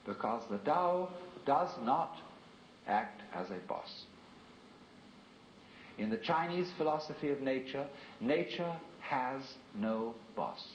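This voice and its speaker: A man giving a philosophical lecture in a measured, reflective and rhetorical way. The recording is an archival lecture tape. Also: medium pitch, animated, roomy sound, a little hiss or hum, poor audio.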